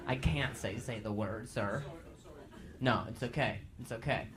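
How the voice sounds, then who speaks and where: A man's voice: mid-range voice, measured pace. A man doing stand-up crowd work on a club stage, stammering as he teases the audience. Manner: stammering, playful teasing of audience members. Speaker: stand-up comedian. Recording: live club with loud crowd and noise.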